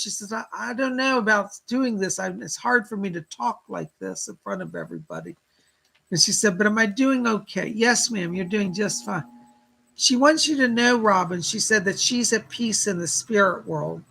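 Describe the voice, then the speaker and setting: A man giving a live-streamed psychic reading in a bright, tense voice with a gravelly edge. He talks chattily, thanking viewers and passing on messages with endless "she said" asides. His tone is somewhat husky. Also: sits high. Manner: chatty, relays spirit messages with constant "she said"; warm thanks to viewers for donations.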